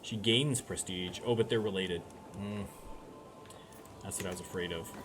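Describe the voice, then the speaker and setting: A man's voice: sits low, normal speed, music in the background. A man talking through a strategy game as he plays, thinking aloud in a chatty way with many restarts. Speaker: let's play streamer. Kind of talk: gameplay commentary. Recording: noise behind the voice.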